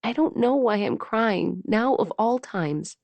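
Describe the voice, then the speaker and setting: A woman's voice: medium pitch, expressive, unhurried, creaky, a little mellow, no room sound, voice pushed up. A woman voicing a grieving young woman who speaks tearfully in an audiobook. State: tearful, sniffling.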